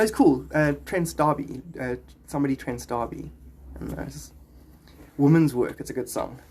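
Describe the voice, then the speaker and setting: A man's voice: mid-range voice, normal speed, darkish tone, breathy edge. A man chatting on a live stream, reading viewers' comments and rambling into spiritual musings.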